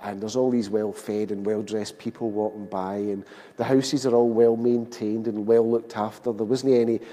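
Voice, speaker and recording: A man's voice: fairly low pitch, flat delivery, normal speed, dark tone. Wry Glaswegian man in a reverberant hall. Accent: Glasgow. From Scotland. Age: 50s. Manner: wry, anecdotal, self-mocking. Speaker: speaker at a public event. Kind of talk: storytelling speech to an audience. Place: public hall.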